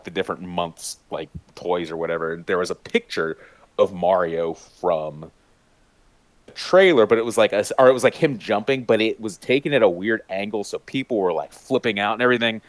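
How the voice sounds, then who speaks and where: A man talking in a casual podcast chat, enthusiastic and rambling, full of fillers and restarts, who now and then breaks into high-pitched voice impressions. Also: no echo. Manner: mimics voices with sudden high-pitched bursts. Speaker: podcast panelist.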